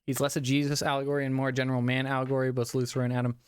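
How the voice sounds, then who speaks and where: A man's voice: medium pitch, level tone, very fast, smooth, dry recording, clean studio sound. A young man streaming a casual movie review, a little tipsy from drinking, rambling and swearing with frequent laughs. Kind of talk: casual live-stream chat.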